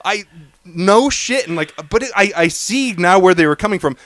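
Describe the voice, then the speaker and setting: A man's voice: high-pitched, lively intonation, normal speed, a bit bright, no room sound, studio quality. A young man co-hosting a podcast, telling a story in casual, profane chat. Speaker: podcast co-host.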